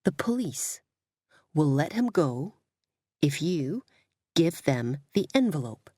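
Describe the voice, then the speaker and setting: A sharp, disgusted woman, voiced by a reader who speaks coolly and deliberately, every word cutting. The voice is low and husky, the delivery slow, and the sound is dry and close to the mic. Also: very animated, no echo, heavily acted. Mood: urgent.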